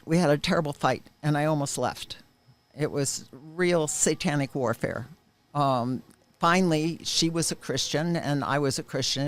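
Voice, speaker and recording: A woman's voice: deep voice, dry recording. Earnest woman telling a personal story. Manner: earnest, vivid retelling with emphatic peaks. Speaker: interviewee sharing a personal testimony.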